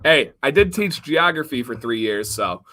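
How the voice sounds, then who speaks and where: A man's voice: medium pitch, big pitch swings, normal speed, bright, forceful tone. A man co-hosting a casual live stream, chatty and upbeat, greeting viewers and reading their comments. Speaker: livestream co-host.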